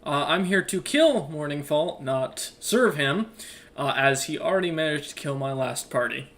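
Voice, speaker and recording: Bright, cocky man at a game table. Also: on the high side, animated, normal speed. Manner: cocky and teasing. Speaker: player. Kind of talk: casual tabletop play, partly in character.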